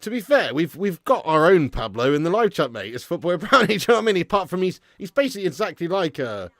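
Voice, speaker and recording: A man's voice: sits high, sing-song, fast talker, no echo, clean studio sound. A man with a casual, laughing manner hosts a football watch-along stream, swearing freely and reading viewers' messages aloud. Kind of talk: casual live-stream chat.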